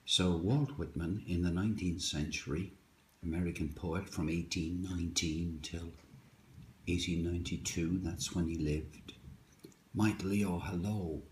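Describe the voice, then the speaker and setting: A man's voice: low voice, fairly even intonation, unhurried, darkish tone, slight background noise. A man hosting a live poetry stream from his home kitchen, greeting viewers by name in a rambling, hesitant way. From Ireland. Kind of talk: casual live-stream chat. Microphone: phone.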